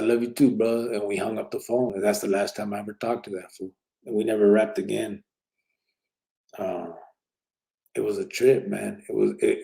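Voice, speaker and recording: Gravelly low man telling a street story. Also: a little mellow, poor audio. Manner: street slang, restarts, frequent "you know what I'm saying". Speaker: podcast host telling his prison story. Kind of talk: casual storytelling.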